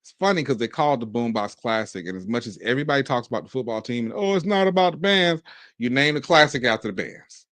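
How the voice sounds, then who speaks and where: A man in his forties from Mississippi, hosting a casual sports commentary show, animated and talking in bursts with frequent restarts. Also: medium pitch, fast, few pauses, no echo. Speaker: podcast host.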